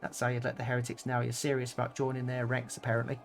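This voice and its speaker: A man putting on a chatty low-born soldier with a put-on rustic accent. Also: monotone, fast, creaky, a little hiss or hum, close to an everyday voice. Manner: chatty, drawling common speech. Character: low-born male soldier, folksy and candid.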